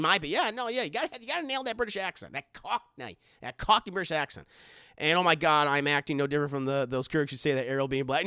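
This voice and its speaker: A man's voice: sits high, pushed and bright, no room sound, clean studio sound. A man live-streaming, rambling through casual commentary and reading out his chat, often stumbling and repeating words.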